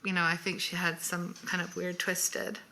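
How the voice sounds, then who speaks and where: A woman co-hosting a casual makeup chat, a lively storyteller who adds details and wry asides. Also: on the low side, normal speed, rough recording. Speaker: co-host.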